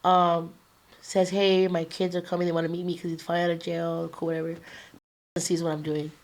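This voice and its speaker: Woman guest, low-pitched voice, casual streetwise storyteller, lots of slang. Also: flat delivery, brisk. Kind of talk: telling a personal story in an interview.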